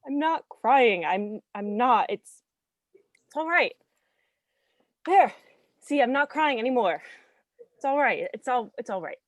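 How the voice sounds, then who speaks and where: A woman reading the part of a weary young woman of twenty-three, halting and caught between sobs and laughter. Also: high voice, very animated, no echo. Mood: tearful. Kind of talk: staged play reading.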